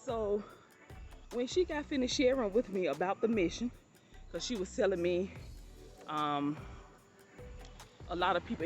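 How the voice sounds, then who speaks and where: A woman, chatting to her viewers in a casual storytelling vlog and calling them honey. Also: lowish voice. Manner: chatty, addresses viewers as honey and you all. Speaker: vlogger telling personal stories.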